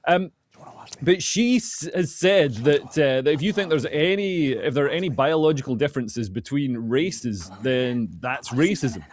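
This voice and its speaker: A man guesting on a talk radio show as a comedian, with a sardonic, quick comic delivery. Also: on the high side, animated. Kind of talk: casual talk radio chat.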